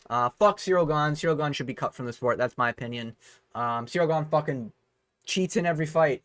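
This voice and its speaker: A man's voice: medium pitch, no echo. A man hosting a vlog breakdown of a fight card, ranting heatedly with plenty of swearing. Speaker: host.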